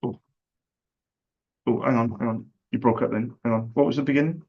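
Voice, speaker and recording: A man's voice: medium pitch, steady tone, fairly quick, husky, dull audio. A man making a friendly cold sales call, chatty and jokey, making fun of himself. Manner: chatty, jokey and self-deprecating.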